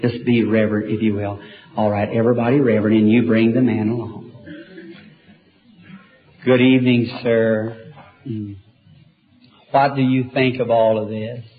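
Male evangelist, healing-service preacher, earnest and soft-spoken, tinny archival sound. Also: lowish voice, flat delivery, moderate pace, long pauses. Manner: gentle, earnest, talks directly to each person. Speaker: evangelist leading a healing line.

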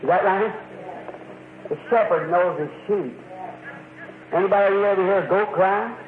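A man's voice: sits high, a little slow. A man preaching a sermon in a church, folksy and emphatic, often stopping to ask "See?". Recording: tinny echoey old sermon tape.

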